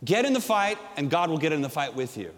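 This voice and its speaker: A middle-aged male pastor preaching a sermon, telling stories with energy and swinging from loud to hushed. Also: a little high, very animated, fast talker, in a large hall.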